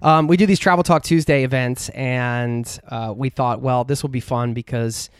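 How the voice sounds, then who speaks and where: A man's voice: medium pitch, fairly even intonation, normal speed, clean tone, no echo, studio quality. A man hosting a travel podcast, talking in an earnest, heartfelt way with frequent fillers. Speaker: podcast host. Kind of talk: casual podcast chat.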